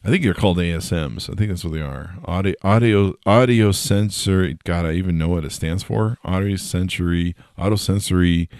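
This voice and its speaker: A man's voice: deep voice, fairly quick, hardly any pauses, darkish tone, no room sound, studio quality. A man hosting a casual solo news podcast, tired and yawning, rambling with jokes and swearing. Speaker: podcast host.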